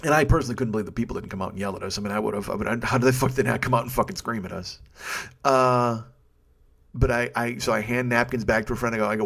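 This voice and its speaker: A man's voice: mid-range voice, rapid-fire, creaky, fairly bright tone. A man in his forties, a comedian hosting a podcast, telling a rambling story with constant swearing and exasperation. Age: 40s. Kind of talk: profane storytelling monologue.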